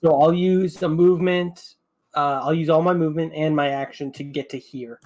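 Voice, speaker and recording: A man at a tabletop game speaks in a wry, easygoing way about his turn. His voice sits a little higher than most men's. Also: fairly even intonation, normal speed, a little mellow. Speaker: player. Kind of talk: casual tabletop play.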